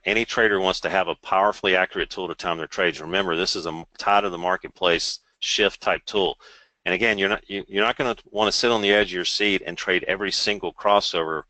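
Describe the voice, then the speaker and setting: A man presenting a live trading webinar, explaining charts informally and turning to a sales pitch with dry sarcastic asides. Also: pushed and bright, dry recording, rough recording.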